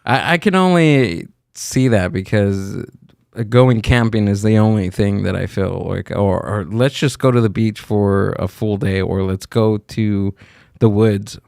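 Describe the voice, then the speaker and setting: Low gravelly guy co-hosting a podcast, laid back, super dry sound. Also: unhurried, a little mellow, dry recording. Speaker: podcast co-host. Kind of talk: casual podcast chat.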